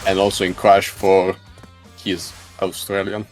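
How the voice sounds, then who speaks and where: A man's voice: sits low, monotone, a little slow, soft background music. A man chatting casually as a co-commentator on a speedrun, joking and opinionated in friendly banter. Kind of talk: casual chat over gameplay.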